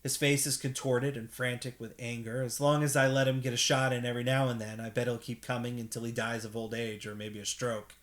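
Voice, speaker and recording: A man's voice: medium pitch, fairly quick, few pauses. Man reading a gritty novel aloud. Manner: steady first-person narration with occasional slips. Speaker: reader, host.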